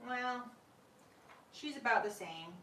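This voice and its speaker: A woman with a slightly high, lively voice speaks slowly and sharply, with a faint hiss or hum in the background. She's a sugar glider owner hosting a casual live stream from home, talking affectionately to her pets and laughing a lot. The mic sits at a distance in a roomy space.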